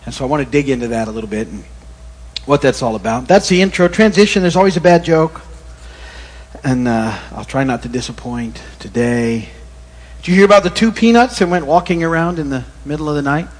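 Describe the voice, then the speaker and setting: A middle-aged male pastor giving a relaxed, conversational sermon that wanders into corny jokes. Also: a little high, brisk, breathy edge. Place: church. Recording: long reverb in a church hall.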